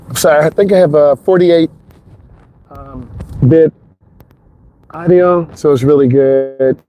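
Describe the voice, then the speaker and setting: A man's voice: a little high, mellow. Chatty man vlogging from his car. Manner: chatty, rambling, talks straight to the viewer. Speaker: driving instructor. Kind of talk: casual vlog while driving. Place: inside a car on an expressway. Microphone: wireless clip-on mic into a phone.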